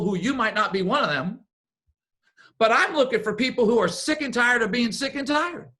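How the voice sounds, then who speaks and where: Guy coaching a business team, super lively pitch, acts out the stories, motivational vibe. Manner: animated storyteller, acts out what others said. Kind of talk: motivational training talk.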